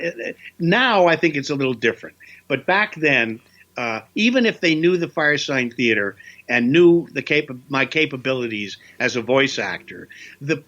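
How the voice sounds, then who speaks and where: An older man, a voice actor guest, telling lively anecdotes in an interview with playful voice bits. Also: fairly high pitch, muffled recording.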